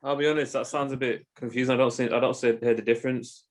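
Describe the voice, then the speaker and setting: A man's voice: medium pitch, steady tone, fast talker. A man asking curious questions in an online class. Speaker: student.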